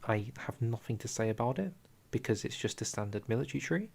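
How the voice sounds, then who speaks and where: Young male streamer, gravelly edge, loose chatty commentary, a bit winded. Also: medium pitch, expressive, fast talker. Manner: chatty, chats with viewers, trails off into quiet asides. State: out of breath. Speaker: streamer reviewing a strategy game dev diary. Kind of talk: casual live-stream commentary.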